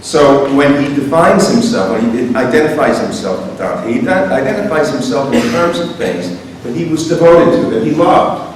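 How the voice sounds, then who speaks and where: A man's voice: medium pitch, animated, normal speed, slight background noise. A man giving a literature lecture in a school hall, speaking conversationally and often checking in with the audience. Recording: echoey hall from far off.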